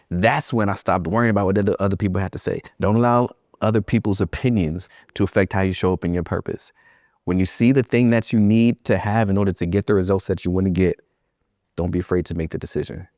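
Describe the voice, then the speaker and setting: A man's voice: on the low side, a little mellow, dry recording, clean studio sound. A man giving a motivational keynote to educators, emphatic and repeating phrases for effect, telling personal stories with humor.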